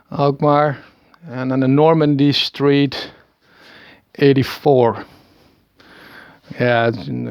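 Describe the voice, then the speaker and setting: A man's voice: mid-range voice, vocal fry, clean tone, dry recording, muffled recording. A Dutch man in his thirties with a Dutch accent, talking in a hesitant, rambling monologue full of stammered restarts and small chuckles. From Netherlands. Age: 30s. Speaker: video maker. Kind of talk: rambling self-recorded monologue.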